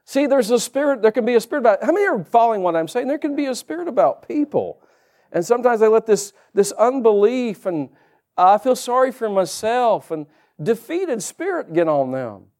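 A man preaches a lively sermon in a church, pitched high for a man. He keeps calling out to his congregation as he drives his points home. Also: a little fast. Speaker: pastor.

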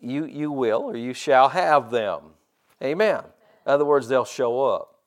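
Speaking at a measured pace with an expressive, medium-pitched voice, a middle-aged pastor delivers a sermon. He stretches scripture quotes for emphasis and drops casual remarks to his congregation.

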